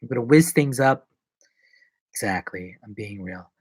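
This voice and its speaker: A young adult man, an actor and vlogger, chatting casually on a live stream in a jokey, rambling way, jumping between loud bursts and low mumbles. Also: expressive, normal speed, breathy edge, dry recording.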